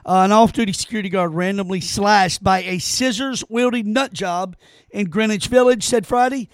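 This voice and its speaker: A man's voice: sits high, moderate pace, no echo, clean studio sound. A man hosting his own opinion podcast, ranting in an exasperated way straight to his listeners. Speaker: podcast host.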